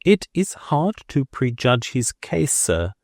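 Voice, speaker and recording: A man's voice: mid-range voice, very animated, takes it slowly, darkish tone, dry recording, studio quality, pitched above the performer's own voice. A man voicing an anxious, deferential young clergyman who speaks in a raised, faltering way. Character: earnest anxious young male minor canon.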